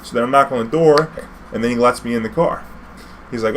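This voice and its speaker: A man's voice: mid-range voice, quick pace, a little hiss or hum. A man, a former cab driver, telling a rambling story in a casual vlog with plenty of slang and fillers. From New Orleans. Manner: laid-back, rambling, heavy use of fillers and slang.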